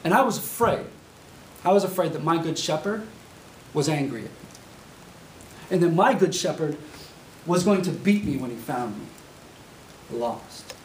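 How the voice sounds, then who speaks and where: Animated preacher in an echoey classroom. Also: male voice, on the high side, slow, long pauses. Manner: animated storytelling preacher, acts out voices. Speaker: preaching student. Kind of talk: sermon. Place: university classroom. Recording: echoey classroom, mic far off, faint hiss.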